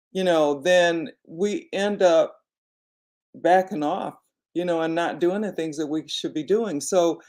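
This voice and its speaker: A woman's voice: deep voice, warm tone. A woman talking casually to her viewers as an online business coach, encouraging them and speaking with many "you know" fillers. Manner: encouraging, addresses viewers directly. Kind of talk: casual reflective vlog talk.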